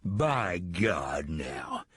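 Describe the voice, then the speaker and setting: A man doing a gruff, parched drifter. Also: sits low, sing-song, extremely slow, a bit bright, dry recording, pitched below the performer's own voice, heavily acted. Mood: ornery. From Virginia. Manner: gruff, growling, cursing. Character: hot-tempered, parched, exhausted drifter man with a pistol.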